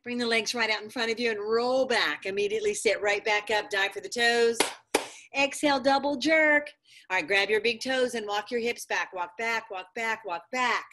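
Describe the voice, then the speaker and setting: A middle-aged woman leads a yoga class in a studio, calling out each pose with firm, steady coaching. She gives short commands and corrects students by name as they hold each stretch. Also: medium pitch, a little fast, hardly any pauses. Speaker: yoga teacher. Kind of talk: live yoga class instruction.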